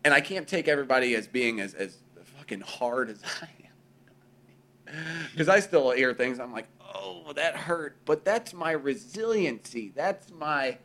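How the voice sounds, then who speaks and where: A man's voice: medium pitch, normal speed. A man in casual podcast conversation, swearing freely and acting out other people's voices as he talks. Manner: profane, animated, acts out quoted voices. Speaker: podcast co-host.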